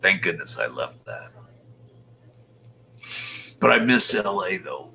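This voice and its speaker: Very deep-voiced, slow, rambling man. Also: very animated, gravelly, slight background noise. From Utah, USA. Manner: rambling, muttering soft half-whispered asides. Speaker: show host reading viewer chat. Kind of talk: casual livestream chat.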